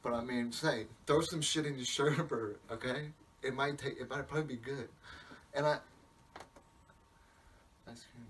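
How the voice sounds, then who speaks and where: A male podcast host with a medium-pitched, fairly bright voice and steady tone talks at a moderate pace, pausing often. His rambling comic monologue is profane and meandering, full of broken-off sentences. A distant mic picks him up with faint hiss behind.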